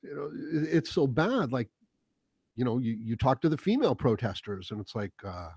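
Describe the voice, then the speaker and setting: Hosting his own opinion rant vlog, a man talks off the cuff in a blunt, sarcastic and rambling way. His mid-range voice is sing-song, darkish and slightly rough, moving at a moderate pace, with no room sound.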